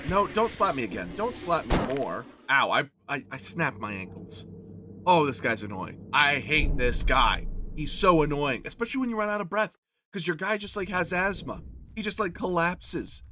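A man's voice: a little high, very animated, moderate pace, bright, forceful tone. Guy doing a horror game playthrough, voice all over the place, kinda noisy mic. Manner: jokey, talks to the enemy, yelps when hit. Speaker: gaming channel host. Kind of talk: horror game let's play commentary.

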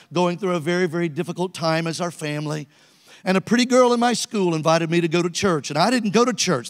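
A man's voice: high voice, long reverb tail. A man, preaching a sermon as an evangelist and telling stories while calling out to the congregation. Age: 60s. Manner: storytelling preacher, calls to the congregation. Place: church sanctuary.

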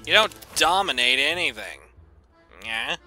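A man giving goofy, excitable gameplay commentary, breaking into shouted bits. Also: fairly high pitch, measured pace. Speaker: gaming YouTuber. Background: game music.

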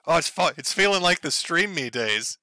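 A man's voice: fairly high pitch, lively intonation, moderate pace, pushed and bright, no room sound. A man hosting a casual livestream, reading chat aloud and joking crudely, often breaking into laughter.

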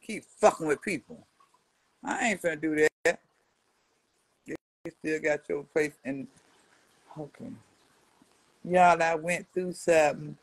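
A brash woman in her seventies, a social media personality, answers a rival in a profane trash-talking rant. Her voice sits low and she speaks slowly with frequent pauses, mocking and swinging from mutters to loud jabs. The audio is poor, with no room sound.

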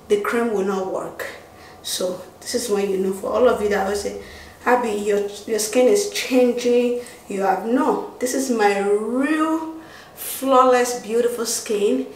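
A woman in her thirties chatting excitedly to her phone camera at home in a casual vlog, stopping and restarting her sentences. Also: mid-range voice, a little hiss or hum. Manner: chatty, excitable, self-interrupting. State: out of breath. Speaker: vlogger.

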